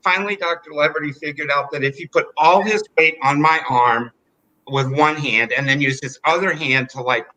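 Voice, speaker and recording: A man telling a personal story in an animated, chatty way, full of fillers. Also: fairly high pitch, normal speed, low-quality recording. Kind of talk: live storytelling.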